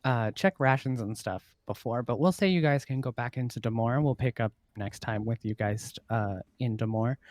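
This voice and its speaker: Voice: medium pitch, normal speed, hardly any pauses, darkish tone, dry recording. A game master casually narrating a tabletop game, voicing characters and laughing along.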